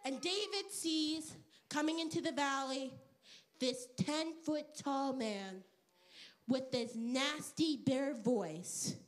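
A woman's voice: sits high, fairly bright tone. A woman teaching an interactive Bible lesson to children at church, playful, with dryly sarcastic asides and questions to the kids.

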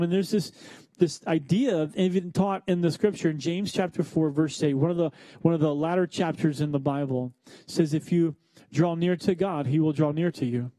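A young man preaching a church sermon, talking conversationally with joking asides and slowing down for emphasis. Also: high-pitched, dark tone, dry recording. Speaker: pastor.

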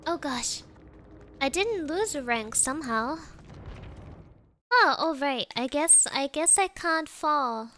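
High, bright-voiced woman streamer. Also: expressive, slow pace, pauses often. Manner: dramatic, frustrated rants at the game; sprinkles in Japanese words. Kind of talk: live gameplay commentary.

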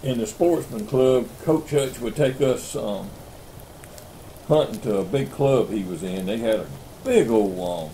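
A man's voice: mid-range voice, unhurried, warm tone, slight background noise, rough recording. A man in his seventies with a South Carolina accent, telling rambling folksy hunting stories in a casual chat. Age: 70s. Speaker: storyteller. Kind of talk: casual storytelling.

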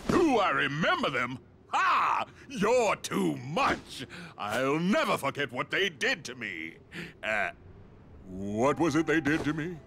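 A cackling, boastful boogeyman made of bugs, his high voice leaping wildly up and down. He drawls his lines slowly, with a bright, sharp edge. It is a video game cutscene performance. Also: big pitch swings, creaky, a little hiss or hum, exaggerated voice. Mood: gloating. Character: gleeful menacing boogeyman, a sack of bugs.

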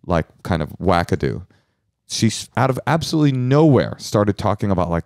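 Male podcast cohost, low voice, very animated delivery, dry close mic. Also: moderate pace, gravelly, no echo. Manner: rambling, animated storytelling with restarts. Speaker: podcast host. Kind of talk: casual comedic chat.

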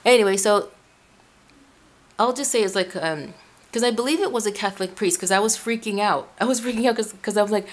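A woman from Ecuador talking casually to her camera about faith at home, rambling along with many restarts and self-corrections. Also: medium pitch. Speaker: Christian video blogger. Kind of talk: casual religious vlog talk. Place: room at home by a window. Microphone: camera in front of her.

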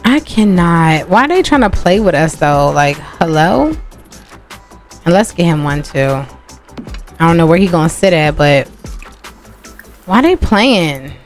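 A woman talking her way through a life-sim game, chatty and full of playful scolding aimed at the characters on screen. Her voice sits a little low for a woman. Quiet game music plays underneath. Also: expressive, unhurried, long pauses. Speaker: game streamer. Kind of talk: casual gameplay commentary.

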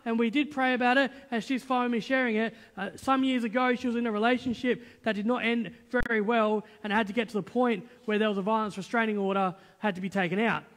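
A male pastor preaching a sermon, telling a personal story in a lively, conversational way with quoted dialogue. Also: high voice, fast, few pauses. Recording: long church hall reverb.

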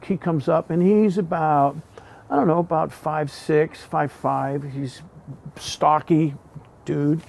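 A man's voice: on the high side, slow, gravelly. A middle-aged man, a blues singer and harmonica player, telling a casual story and animatedly acting out the people in it. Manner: animated, acts out quoted voices in his tale.

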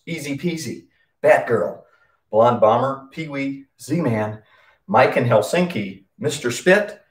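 A PE coach with a mid-range voice runs a live-streamed class, upbeat and short of breath from working out. He calls out nicknames and counts exercise reps as he goes.

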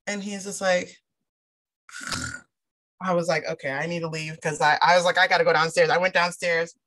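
A woman's voice: fairly low pitch, moderate pace. A woman sharing a personal testimony in a sermon, telling her story with emphasis and acting out the dialogue. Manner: animated storyteller who acts out dialogue; emphatic, repeats phrases for stress. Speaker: church speaker sharing a testimony.

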